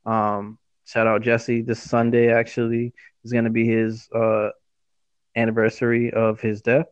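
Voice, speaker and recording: Male podcast co-host, halting storyteller, dull dry lo-fi recording. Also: mid-range voice, monotone, clear, resonant tone, no room sound. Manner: rambling, halting, with many fillers.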